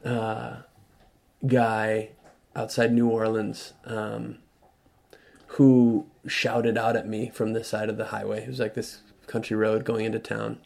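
A man as an interview guest, telling a personal story in a thoughtful, halting way with frequent restarts. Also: lowish voice, monotone, gravelly, a little mellow. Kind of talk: reflective storytelling conversation.

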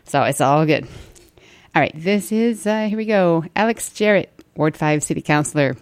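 A woman's voice: low voice, expressive, normal speed, smooth, dry recording. A woman hosting a live community radio show from the studio, talking in a chatty, rambling way that often breaks off and restarts. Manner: rambling, self-interrupting, chatty.

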